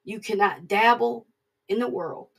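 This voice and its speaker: A woman preaching in a plain, conversational way, speaking straight to her listeners. Her voice is gravelly and husky. She sounds a little distant from the microphone. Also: medium pitch, measured pace. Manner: plain-spoken, conversational, addresses listeners directly. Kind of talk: informal recorded sermon.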